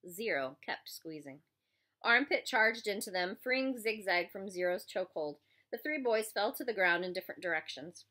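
Expressive woman reading a novel aloud. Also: medium pitch, moderate pace. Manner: expressive storytelling. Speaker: reader.

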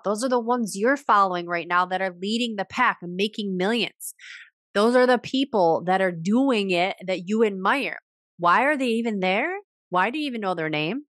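A woman's voice: no room sound, clean studio sound. A woman hosting a motivational business podcast, telling stories animatedly and acting out conversations. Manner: animated storytelling, acts out dialogue with big pitch jumps. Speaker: podcast host.

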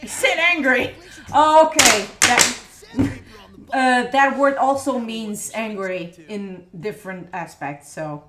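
A woman's voice: on the high side, slow pace, background noise. A woman co-hosting a casual gaming livestream, teasing her partner and bursting into laughter. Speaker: co-streamer, host. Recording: echoey room with game music. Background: game music.

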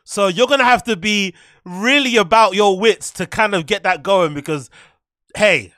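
A man's voice: high-pitched, moderate pace, bright, forceful tone, no echo, studio quality. A man hosting a podcast, reacting to clips with incredulous, mocking commentary and frequent laughter. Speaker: podcast host.

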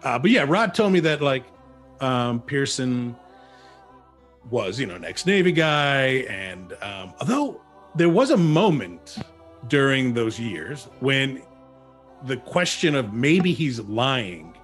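A man, an actor who is a guest on an interview show, chatting casually and telling animated stories with many restarts. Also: mid-range voice, slow, soft background music.

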